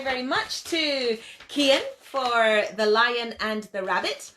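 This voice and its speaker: A woman storyteller telling a children's tale in an animated, expressive way, often speaking directly to her listeners. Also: mid-range voice.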